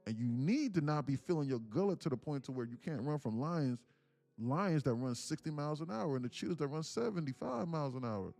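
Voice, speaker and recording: A man's voice: on the high side, expressive, a little fast, gravelly, a little mellow, soft background music. Hyped man calling live trades. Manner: hyped, preachy, fires rhetorical questions; slangy, casual street talk. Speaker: day trading livestream host. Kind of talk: live trading commentary.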